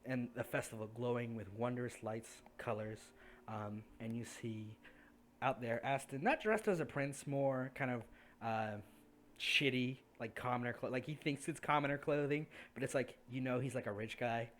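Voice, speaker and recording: A man's voice: medium pitch, normal speed, fairly bright tone. A man narrating as game master in a casual, filler-heavy way, laughing at his own slips. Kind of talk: narrating a tabletop game over voice chat.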